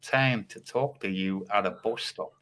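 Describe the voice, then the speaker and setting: A man's voice: on the low side, unhurried, fairly bright tone. A man rambling and swearing his way through a casual livestream chat as a guest. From North East England. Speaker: guest streamer.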